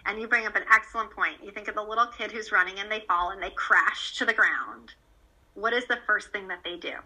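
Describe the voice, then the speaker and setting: A woman speaking as an interview guest about her child, earnest and animated, with frequent fillers and restarts. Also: mid-range voice, fairly quick, slightly rough, poor audio. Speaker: guest, parent of a child cancer survivor. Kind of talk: candid conversational interview.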